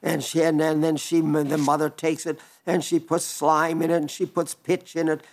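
A male pastor retelling a story in a sermon, earnest, with restarts and slow, emphatic stretches. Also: fairly high pitch, flat delivery.

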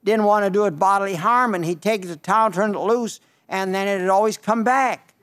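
A man's voice: high-pitched, fairly even intonation, normal speed, a bit bright, clear, resonant tone. An older man preaching on the radio, answering listener letters as folksy, emphatic stories with repeated phrases.

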